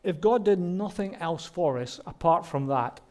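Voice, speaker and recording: A man's voice: a little high, animated, unhurried. Earnest man preaching a sermon. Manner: earnest, warm preaching with rhetorical questions. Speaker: pastor. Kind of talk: Christmas sermon.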